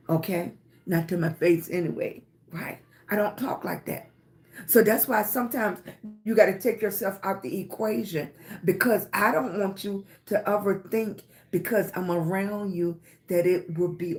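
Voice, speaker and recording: A middle-aged woman hosting a livestream, giving a casual motivational talk in an emphatic way, repeating her points and checking in with "okay?" and "right?". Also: medium pitch. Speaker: livestream host.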